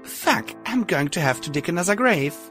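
A man's voice: high-pitched, lively intonation, moderate pace, over music, pitched above the performer's own voice. A man reading an audiobook, voicing a grieving pony wanderer who speaks up in anger. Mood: angry. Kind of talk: audiobook character voice.

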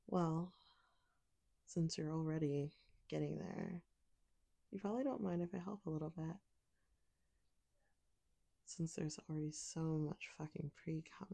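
A woman's voice: sits low, measured pace, creaky, long pauses, mellow. A woman speaking in an intimate audio role-play, teasing and commanding, sometimes dropping to a whisper.

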